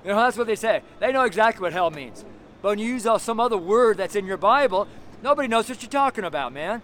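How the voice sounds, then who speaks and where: A man with a high voice preaches outdoors among city walls, blunt and fervent and loud enough to carry across the street. He sounds tired, and faint traffic noise sits behind him. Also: expressive, quick pace.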